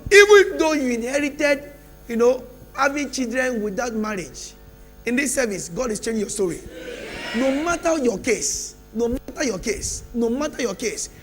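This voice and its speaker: A man pastor preaching a sermon at a church service, shouting declarations and calling for the congregation to respond. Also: extremely high pitch.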